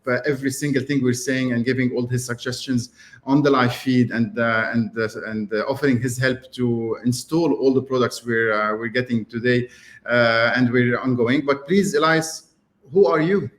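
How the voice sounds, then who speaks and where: A man's voice: mid-range voice, fairly bright tone. Enthusiastic man from Lebanon, podcast guest. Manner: enthusiastic and grateful, hesitant with fillers. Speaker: podcast guest, food blogger. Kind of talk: casual podcast chat.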